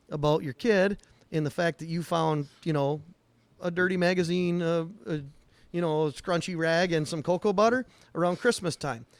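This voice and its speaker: Higher-pitched man telling shop stories. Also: dry recording. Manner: rambling anecdotes with acted-out quotes. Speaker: podcast co-host, auto technician. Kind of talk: casual storytelling chat.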